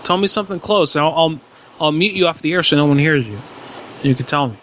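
A man's voice: a little high, brisk, a bit bright. A man hosting a prank call show, joking loosely and swearing often as he chats and calls. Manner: loose, laughing, profane, joking. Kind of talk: casual crude banter and prank calls.

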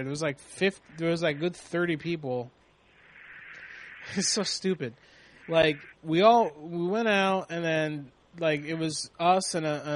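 A man co-hosting a casual, profane chat show, telling stories and acting out quotes. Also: fairly high pitch. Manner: animated storytelling, swears a lot, acts out quotes. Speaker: podcast co-host.

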